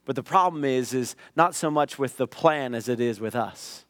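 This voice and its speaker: A middle-aged man preaching a sermon, telling a personal story in a conversational way that rises into loud acted outbursts. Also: mid-range voice, normal speed, dry recording. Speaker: pastor.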